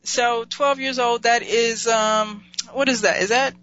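A woman's voice: fairly high pitch, fairly even intonation, a little slow, a bit bright. A woman hosting a casual interview, supportive, answering often with "okay". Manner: supportive, many "okay" acknowledgements. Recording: dull lo-fi sound with faint hum.

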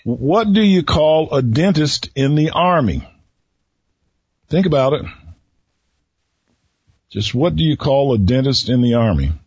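A man hosting a radio talk show who tells riddles to his listeners slowly, repeating each one and pausing before the answer, with a folksy manner. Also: mid-range voice, big pitch swings, a little mellow, husky, no room sound. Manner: folksy, chuckles at his own jokes. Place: radio studio. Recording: dull lo-fi radio recording.

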